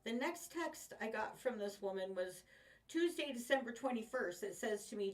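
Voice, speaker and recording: A woman's voice: fairly high pitch, expressive, moderate pace. A woman in her fifties venting in a rambling, frustrated way, swearing often, with her mic set far away. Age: 50s. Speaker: vlogger. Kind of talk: casual venting monologue.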